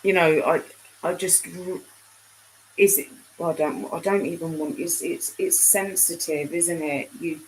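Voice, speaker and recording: A middle-aged woman hosts a casual live stream, talking unhurriedly in a fairly low voice. She rambles, doubles back and leaves sentences hanging as she chats with her viewers. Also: measured pace, slight background noise, rough recording. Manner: chatty, rambling, trailing off mid-sentence. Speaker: livestream host.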